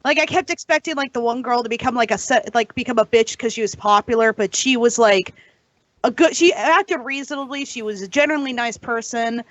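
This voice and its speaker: A woman's voice: fairly high pitch, fairly quick, a bit bright, no echo. A woman co-hosting a podcast in a chatty, offhand way. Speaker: podcast co-host. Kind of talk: casual chat.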